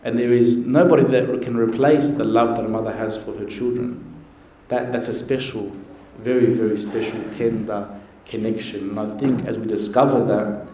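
A man, a priest, giving an earnest, gentle sermon with pauses. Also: fairly low pitch, fairly even intonation. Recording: echoey church with faint noise.

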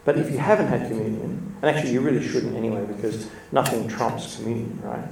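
A man delivers a relaxed, anecdotal sermon full of asides. His voice has a gravelly edge and sits at a middle pitch. He is picked up from across an echoey room with a faint hum of ambience behind him. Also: fast talker, distant mic. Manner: chatty, laughs between points, lively storytelling. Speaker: church speaker. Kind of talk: informal sermon with storytelling.

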